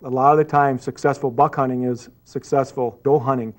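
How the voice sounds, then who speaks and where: A man's voice: mid-range voice, fairly even intonation, a little fast. A man explaining the ways of hunting calls in an earnest, conversational way, often restarting as he thinks. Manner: earnest, repeats himself while thinking. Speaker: hunting call expert. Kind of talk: explaining on camera.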